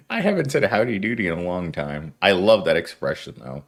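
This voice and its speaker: Low-voiced, rambling male streamer. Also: sing-song, a little fast, a bit bright. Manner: rambling, chuckles often. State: tired, just woke up. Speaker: livestream host. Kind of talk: casual livestream chat.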